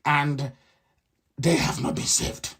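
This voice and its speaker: A man's voice: fairly high pitch, steady tone, slow, fairly bright tone, husky. A man giving a live radio broadcast monologue, fiery and scornful, repeating his points.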